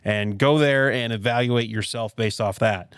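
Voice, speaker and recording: A man hosting a casual podcast chat, an animated storyteller who keeps tossing in "right?" asides. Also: medium pitch, moderate pace, clean tone, no room sound, studio quality. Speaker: podcast host and retail veteran.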